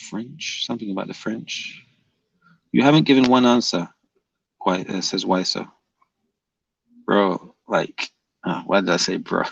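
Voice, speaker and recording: A man on a live stream reads viewer comments aloud and argues back at them, pressing his questions again and again. His voice is gravelly with some fry, and the sound is dry and a little dull, as if from a lo-fi mic. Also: medium pitch, dry recording. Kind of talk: live comment-reading debate.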